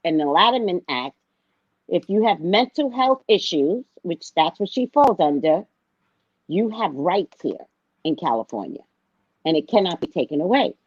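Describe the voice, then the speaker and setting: Her voice is fairly low and husky, moving at a moderate pace on a dry recording. She's a special education teacher telling a story in casual chat, animated, acting out others' voices and repeating phrases to stress them, all in dull lo-fi sound.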